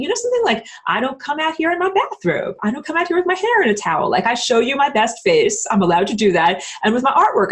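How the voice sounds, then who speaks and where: A bubbly woman runs a live-streamed lesson, chatting with her viewers. She talks loosely, with plenty of "like" and "um", and slips into squeaky high voices when she quotes people. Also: husky. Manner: many fillers like "like" and "um". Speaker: online spiritual course teacher.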